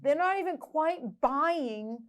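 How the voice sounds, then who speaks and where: Halting middle-aged woman podcast host. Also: high-pitched, expressive. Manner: halting, many restarts and repeated words. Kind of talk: casual interview chat.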